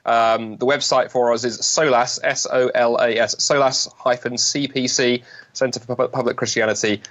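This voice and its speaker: A man from London with a British accent, talking as a guest on an interview show, quick and jokey with many restarts. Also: medium pitch, lo-fi sound. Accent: British English. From London, England. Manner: fast, lively, joking, many restarts. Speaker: guest speaker. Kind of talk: podcast interview.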